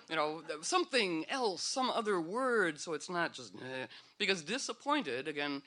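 A man's voice: a little high, bright, forceful tone. A man speaking to a live audience in a meandering, playful way, full of fillers and restarts. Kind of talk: rambling, humorous talk to an audience.

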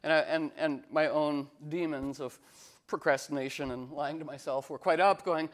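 Rambling animated man with fillers. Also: moderate pace. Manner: acts out quoted voices with sudden jumps in pitch. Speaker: astrology teacher. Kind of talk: casual talk to a group.

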